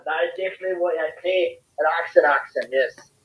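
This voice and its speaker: A man's voice: on the high side, fast. A young man co-hosting a casual podcast chat, bragging and joking in a playful wrestling-promo manner. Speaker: co-host. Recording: dull lo-fi stream audio.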